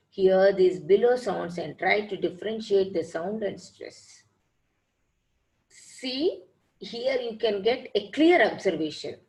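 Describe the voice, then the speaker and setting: Slow, patient woman teaching. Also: mid-range voice, darkish tone, low-quality recording. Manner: patient, repeats points and examples. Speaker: English teacher. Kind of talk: online lecture.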